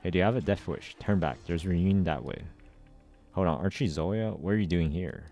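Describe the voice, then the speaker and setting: A man reading a gruff, curt male police officer who speaks in short orders. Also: low voice, brisk, dark tone, soft background music. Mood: brusque. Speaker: reader. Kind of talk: amateur story readthrough.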